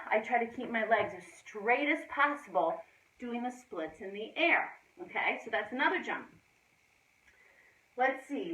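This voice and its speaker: A woman's voice: on the high side, sharp tone. A woman gymnastics instructor demonstrating moves for a children's class, giving encouraging, sing-song cues. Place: indoor gym. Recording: echoey gym from a distance.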